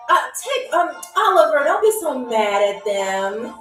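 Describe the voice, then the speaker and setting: A woman's voice: high-pitched, very animated, unhurried, a bit bright. A woman hosting a live trivia stream, chatting casually and teasing viewers as she reads their comments. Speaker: game show host on a livestream. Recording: roomy echo, distant from mic, faint music.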